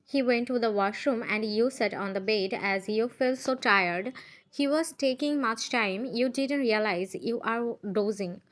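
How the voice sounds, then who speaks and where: Hesitant woman reading a fan story. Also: on the high side. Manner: hesitant, stumbling, self-correcting; apologetic about her own voice. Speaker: fan-fiction reader.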